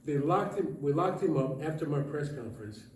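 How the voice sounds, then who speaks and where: A man's voice: fairly high pitch, expressive, a little fast, darkish tone, slight background noise. A man, a former police chief, telling a humorous story to an audience at a church meeting, laughing often and acting out the quoted dialogue. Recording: echoey hall from far off.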